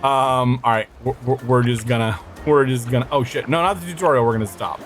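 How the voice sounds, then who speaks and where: A man's voice: mid-range voice, fairly even intonation, brisk, soft background music. A man streaming a game, chatting casually, swearing and talking to himself as he plays. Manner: chatty and swears often, with frequent laughs and self-talk. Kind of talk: casual gameplay commentary.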